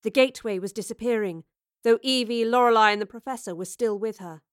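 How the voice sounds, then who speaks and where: A woman reading a story aloud in a steady, even narration. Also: fairly high pitch, fairly quick, smooth, no echo, clean studio sound. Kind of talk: audiobook narration.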